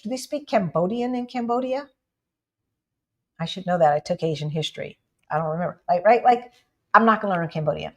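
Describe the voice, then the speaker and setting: A woman from the United States co-hosting a casual livestream, chatting with viewers and often asking "right?". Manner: animated, jumps up in pitch for emphasis. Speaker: livestream co-host.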